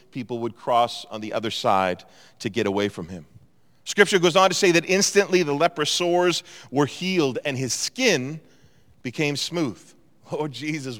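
Smooth-voiced pastor preaching in a reverberant hall. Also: male voice, medium pitch, fairly bright tone. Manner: earnest, conversational preaching with emphatic rises. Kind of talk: sermon.

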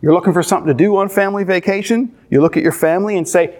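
A middle-aged man, a pastor, preaching a sermon with animated storytelling and playful asides. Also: high voice, racing.

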